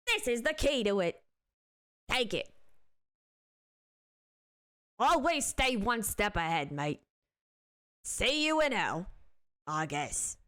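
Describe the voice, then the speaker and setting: A woman's voice: a little high, exaggerated voice. A woman voicing a sly, dying male convict who talks in slang with a shifting put-on accent. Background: loud game music.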